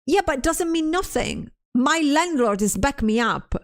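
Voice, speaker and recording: A woman's voice: sits high, lively intonation, a little slow. A stressed woman streamer in casual livestream chat, ranting, swearing often and restarting her sentences as she reads chat aloud.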